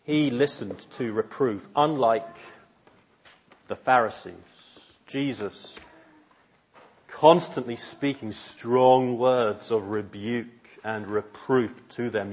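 A man's voice: mid-range voice, takes it slowly, a little mellow, husky, muffled recording. A man preaching a sermon in an earnest, searching way, putting pointed questions to his listeners.

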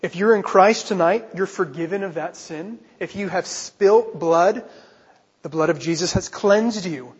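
High-voiced husky male preacher. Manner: earnest preaching with rhetorical questions. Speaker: pastor. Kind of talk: sermon. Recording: reverberant hall, muffled sound.

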